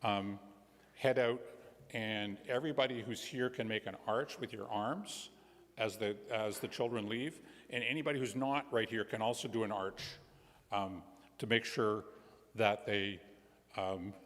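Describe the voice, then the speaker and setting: A man with a low but bright, forceful voice tells a children's story in a church service. He is gentle and playful and pauses often. A long reverb from a large sanctuary follows his words. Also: fairly even intonation. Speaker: guest minister.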